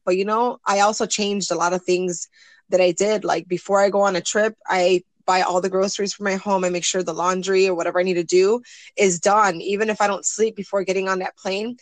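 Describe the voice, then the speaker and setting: A woman's voice: medium pitch, no echo. A woman in her forties, a guest in an interview, telling a personal story earnestly and acting out what others said. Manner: earnest, storytelling, acts out quoted voices. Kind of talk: casual interview conversation.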